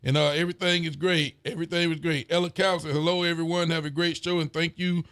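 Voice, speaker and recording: A man, a sheriff hosting a casual local show, relaxed and folksy as he reads out viewer greetings. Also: a little high, quick pace, smooth. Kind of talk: casual call-in style show chat.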